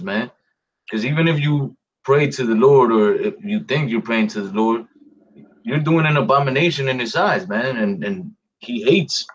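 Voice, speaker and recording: A man's voice: medium pitch, slightly rough, rough recording. A man co-hosting a religious discussion, speaking casually with many hesitations. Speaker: co-host.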